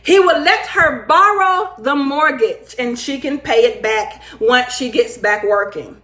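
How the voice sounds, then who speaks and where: A woman with a high voice hosts a casual livestream, chatting and reading comments out loud. She is lively and playful, teasing her viewers and laughing often. The sound is echoey, as if she is recording in a bare room. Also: a little slow. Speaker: livestream talk show host.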